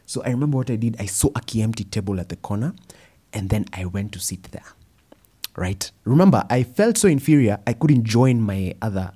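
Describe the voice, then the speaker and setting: A young man with a Kenyan accent giving a personal storytelling talk, animated and slipping Swahili phrases into his English. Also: fairly low pitch, brisk, husky. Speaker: speaker.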